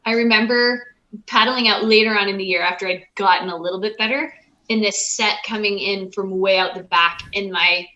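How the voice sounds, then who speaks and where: A woman coach, a podcast guest, telling stories in a lively way and acting out what she said. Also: medium pitch, roomy sound, rough recording. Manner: lively storyteller, acts out quotes. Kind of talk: casual conversation.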